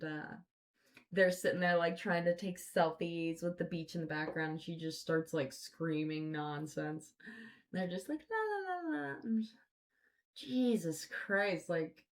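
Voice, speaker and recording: A woman hosting a podcast, telling stories in a casual, rambling way full of swearing and fillers. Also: on the low side. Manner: rambling, profane, filler-heavy. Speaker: podcast host. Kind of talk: casual storytelling chat.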